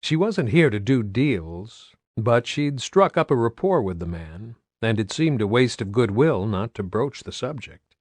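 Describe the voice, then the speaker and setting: A man reading an audiobook as narrator with an even, steady delivery. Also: mid-range voice, unhurried, dry recording. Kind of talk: scripted narration.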